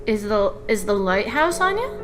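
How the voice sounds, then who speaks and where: A woman commenting as she plays a story game, chatty and thoughtful with quick asides. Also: medium pitch, sing-song, over music. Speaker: let's play gamer.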